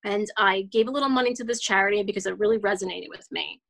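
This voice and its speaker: A woman's voice: medium pitch, quick pace, creaky, fairly bright tone, poor audio. A woman in her forties with a mid-range voice talks as a podcast guest. She tells her story in a casual, earnest and reflective way, circling back with frequent restarts and "like" fillers. She sounds like an ordinary person chatting rather than reading a script. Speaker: guest, children's author. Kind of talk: casual interview talk.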